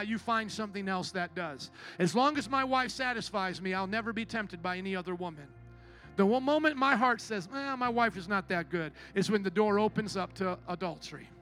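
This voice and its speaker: High-voiced preaching pastor. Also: male voice, sharp tone. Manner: emphatic, rhetorical, call-and-response preaching. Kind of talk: sermon.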